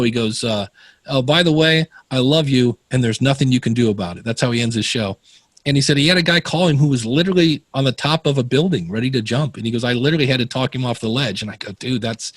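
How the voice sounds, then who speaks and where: A man talking as a guest on a podcast, spinning anecdotes and jumping into the voices of the people in them. His pitch sits in the middle, and the close mic leaves almost no room sound. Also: dry recording. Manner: animated storyteller acting out quoted voices. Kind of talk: casual storytelling interview.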